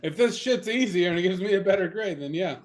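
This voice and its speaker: A man's voice: sits high, quick pace. A man co-hosting a podcast, chatting in an easygoing way, laughing and swearing casually. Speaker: podcast co-host. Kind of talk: casual chat.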